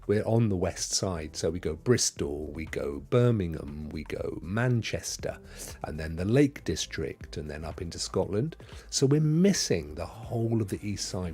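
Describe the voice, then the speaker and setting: Chatty, husky-voiced middle-aged man. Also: on the low side. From England. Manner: chatty and rambling, with laughs and drops into a soft whisper. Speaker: gaming news livestream host. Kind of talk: casual livestream chat reading viewer comments.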